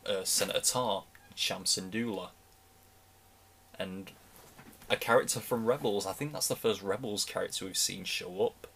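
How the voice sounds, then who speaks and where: Low-voiced man rambling a fan reaction. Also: moderate pace, gravelly, fairly bright tone, slightly rough. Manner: rambling, restarts sentences, enthusiastic fan talk. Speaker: reaction video host. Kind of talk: casual reaction commentary.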